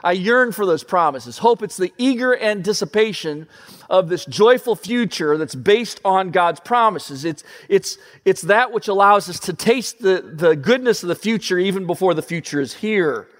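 A man preaching a sermon as pastor, earnest, often repeating words and dropping to a soft voice. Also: sits high, lively intonation, moderate pace, in a large hall.

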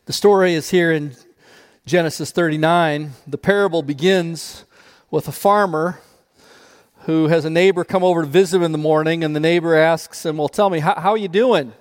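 Guy preaching a sermon, kinda high voice, big reverby hall sound. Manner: animated storytelling with repeated words. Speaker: pastor.

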